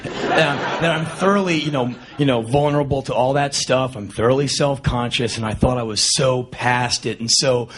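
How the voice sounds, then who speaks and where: A man telling a comic spoken-word story in an animated, self-mocking, deadpan way. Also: medium pitch, moderate pace, slight background noise.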